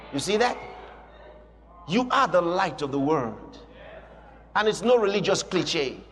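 High-voiced man preaching in a reverberant hall. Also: a bit bright. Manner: emphatic, repetitive declarations. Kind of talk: sermon. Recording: long hall reverb with music.

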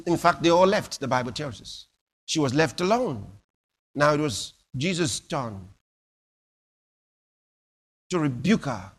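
A man preaching a sermon, telling stories dramatically with sudden loud bursts and hushed drops. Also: a little high.

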